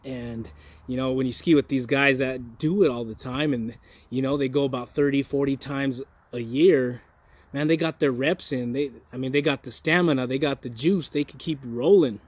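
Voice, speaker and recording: A man's voice: mid-range voice, normal speed, dry recording. A man giving a casual motivational talk to his viewers, folksy and earnest, often restarting and repeating words. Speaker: motivational vlogger.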